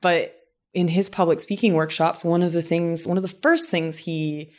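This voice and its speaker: A woman's voice: lowish voice, moderate pace. Reflective woman from Southern Indiana. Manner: reflective, animated examples, frequent restarts. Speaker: teacher and voice coach. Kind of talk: casual conversation.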